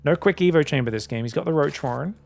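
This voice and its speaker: Gravelly, excitable game caster man. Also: a little high, quick pace. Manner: excitable, chatty, often addresses viewers as guys. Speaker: esports caster. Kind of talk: solo game commentary.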